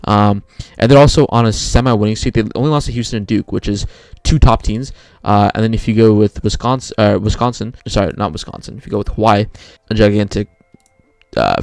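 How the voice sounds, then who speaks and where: A man's voice: lowish voice, fairly even intonation, brisk, vocal fry, darkish tone, clean tone, no echo. A young man casually talking through his bracket picks, rambling and often correcting himself. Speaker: sports video creator.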